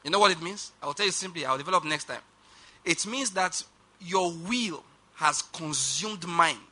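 A man preaching a sermon, reading scripture aloud and slowing down to stress key lines while urging the congregation to respond. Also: fairly high pitch, sharp tone. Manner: reads scripture aloud, slows for emphasis, urges the congregation.

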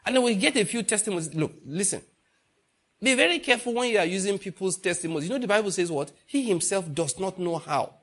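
A man's voice: high-pitched, expressive, fast, fairly bright tone. A man preaching a sermon, asking the congregation rhetorical questions and repeating phrases for emphasis.

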